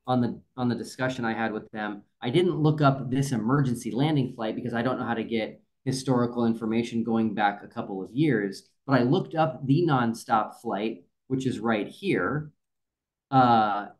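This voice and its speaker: A man talks through a past debate in a relaxed, methodical way, building his case one point at a time. His voice sits at an ordinary middle pitch, and he keeps a casual conversational tone. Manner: methodical, walks through evidence step by step. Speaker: guest reviewing a debate. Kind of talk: casual explanatory talk.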